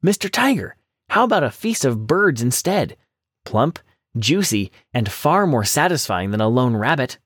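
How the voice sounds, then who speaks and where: A man voicing a clever, quick-witted male rabbit trickster in a read-aloud storybook, with a cheeky, high, quick delivery. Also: sing-song, a bit bright, slightly rough, no echo, studio quality. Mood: wheedling. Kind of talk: storybook narration.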